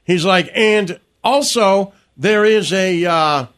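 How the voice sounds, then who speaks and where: A man with a high voice hosts a radio talk show, speaking slowly. He tells stories through casual banter, bringing them to life by acting out the voices of the people he quotes.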